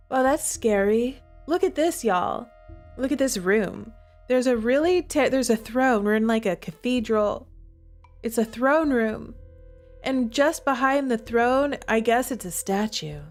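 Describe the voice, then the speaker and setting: A woman streamer reading a dark visual novel aloud, chatty and dramatic between lines. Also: fairly high pitch, slow, faint music behind. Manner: chatty, animated, dramatic narration. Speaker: game streamer.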